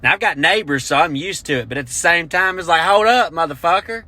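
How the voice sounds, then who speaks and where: Brightly ranting, profane man. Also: a little high, quick pace, dry recording. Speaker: stand-up comedian. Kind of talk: comic storytelling rant.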